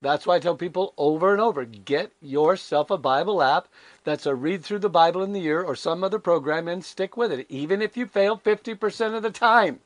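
A man's voice: high-pitched, fairly quick, dry recording. An older man preaching a conversational devotional sermon, emphatic and candid, full of rhetorical questions. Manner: candid and self-deprecating.

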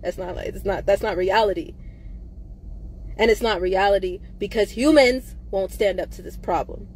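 A woman host speaking to her viewers in an emotional monologue, laughing nervously between angry, profane outbursts and swinging from quiet mumbling to loud intensity. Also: mid-range voice, normal speed, slight background noise.

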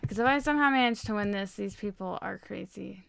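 Young woman rambling over a building game, kinda gravelly, laughs at herself a lot. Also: mid-range voice, brisk, a little hiss or hum. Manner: chatty, self-mocking, rambling. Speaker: gaming channel host. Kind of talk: casual gameplay commentary.

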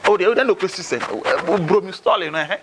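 A man playing a smooth-talking Ghanaian adviser. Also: sits high, fast talker, noisy background, natural voice. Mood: probing. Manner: animated, mixing Twi with pidgin English. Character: persuasive adult man, streetwise adviser. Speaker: adviser urging a fetish priest.

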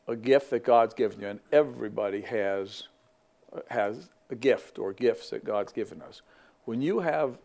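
Gravelly middle-aged man, reflective faith talk. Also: mid-range voice, a little mellow. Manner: conversational, with frequent fillers and restarts. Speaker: ministry vice president.

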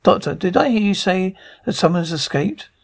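Brief: indignant elderly time traveller, read by a man, gravelly and husky, stumbling delivery. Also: high voice, expressive, full character voice. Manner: stumbling, halting reading.

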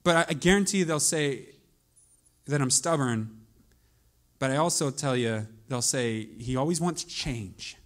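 A man preaching a sermon as pastor, moving from quiet, musing storytelling to loud, urgent calls to the congregation. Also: medium pitch, a little slow, pauses often.

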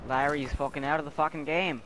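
A man's voice: fairly high pitch, steady tone, brisk. A man with a Canadian accent in brash, profane game chat, calling his teammates bud. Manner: brash, swearing, calls others bud. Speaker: gamer streaming with squad. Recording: loud gunfire and game noise.

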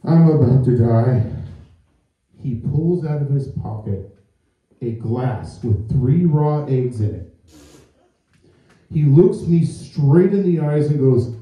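A self-mocking stand-up comedian rambles through his stories. His voice is very dark and mellow, and it echoes strongly, picked up from far across the room. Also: mid-range voice, lively intonation, takes it slowly, pauses often. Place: comedy venue before a live audience.

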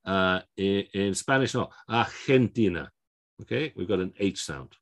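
A man with a somewhat low voice lectures on pronunciation rules. He explains patiently, stumbling through fillers and restarts. He keeps checking that his students follow along. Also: moderate pace, a bit bright. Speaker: Spanish language instructor.

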